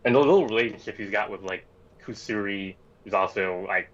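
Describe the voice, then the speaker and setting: A man's voice: on the low side, a little fast. A young man co-hosting a casual stream chat, talking hesitantly with many fillers and trailing thoughts. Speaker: co-host. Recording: dull lo-fi mic.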